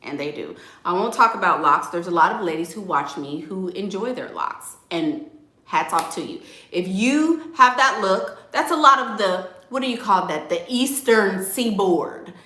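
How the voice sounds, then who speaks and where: A woman's voice: medium pitch, expressive, unhurried, pushed and bright, reverberant. A woman dating coach on a livestream, giving blunt, sassy and playful advice and reading out viewer comments.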